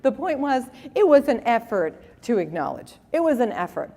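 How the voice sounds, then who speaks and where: A woman in her forties giving a conference talk with animated, humorous storytelling. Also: fairly high pitch, moderate pace. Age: 40s. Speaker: conference speaker. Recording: long reverb of a hall.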